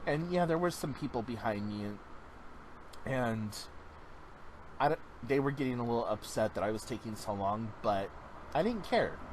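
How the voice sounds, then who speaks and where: A man's voice: medium pitch, animated, moderate pace, long pauses, slight background noise, poor audio. A man vlogging a casual check-in, talking in an earnest, encouraging way that drifts into tangents.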